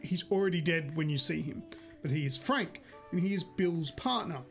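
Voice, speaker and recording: Co-hosting a gaming podcast, a man chats casually, rambling and correcting himself as he goes. His voice is a little high and creaky with a fairly bright tone at a moderate pace, and soft background music plays.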